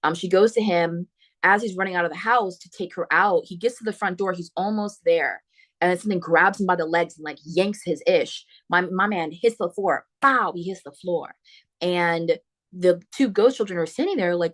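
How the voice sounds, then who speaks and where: A woman hosting a book podcast, retelling a horror novel's plot in a casual, animated way with slangy asides. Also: on the low side, moderate pace. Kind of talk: casual spoiler book talk.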